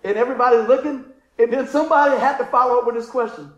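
A pastor preaches in a storytelling sermon, his voice sitting very high for a man. He chuckles often and slips into the voices of the people in his story. The sound rings around an echoey room. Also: racing, muffled recording. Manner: chuckling, animated storyteller acting out the people he quotes.

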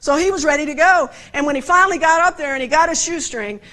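Bright, high-voiced woman preaching. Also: fast talker, rough recording. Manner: impassioned, personal storytelling with rhetorical questions. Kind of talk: sermon.

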